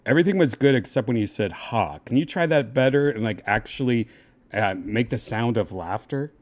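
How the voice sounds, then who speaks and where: A man hosting a casual livestream who talks in a pushy, halting way and keeps restarting his sentences. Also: mid-range voice. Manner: pushy, halting, repeats himself. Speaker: livestream host.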